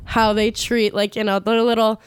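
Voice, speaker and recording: A woman co-hosting a casual podcast chat, talking in a chatty, animated way and laughing easily. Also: on the high side, normal speed, smooth. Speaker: podcast co-host. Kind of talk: casual chat recapping a reality dating show.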